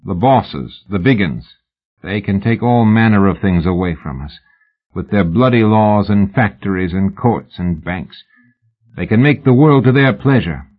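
A man voicing a sly, lean Victorian London swindler who talks low and soberly. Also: expressive, unhurried. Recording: phone-like narrow band.

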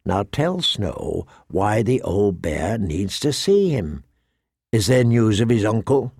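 A man's voice: fairly low pitch, big pitch swings, takes it slowly, vocal fry, darkish tone, breathy edge, dry recording, clean studio sound, voice pushed down, full character voice. A man doing a wry, clever dwarf lord.

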